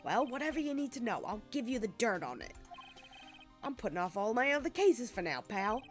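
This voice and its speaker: A woman playing a blustery, eager police detective from a video game who talks in a folksy way and calls everyone pal. The voice sits a touch lower and rougher than her own but stays lively. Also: brisk, soft background music. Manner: folksy, keeps saying "pal".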